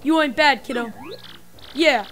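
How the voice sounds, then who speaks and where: A woman's voice: high voice, a little slow, fairly bright tone. A woman voicing a young male mob henchman from a video game, using streetwise slang. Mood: loyal. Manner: streetwise slang with dropped words.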